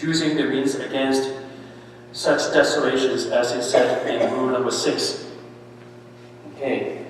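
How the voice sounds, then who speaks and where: A man's voice: mid-range voice, slight background noise. A man, a priest giving a parish mission, preaches in a conversational way, often checking in with his listeners with "right?" and "okay?", and rising sharply on the points he stresses. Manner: lively and emphatic, with sudden rises on key points. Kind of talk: conversational sermon. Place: church. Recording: echoey church hall, mic at a distance.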